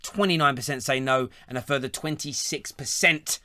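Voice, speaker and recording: A man's voice: mid-range voice, moderate pace, pushed and bright, dry recording. A man, hosting a live football phone-in, chatty and laughing often. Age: 30s. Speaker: phone-in host. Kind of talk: casual live show chat.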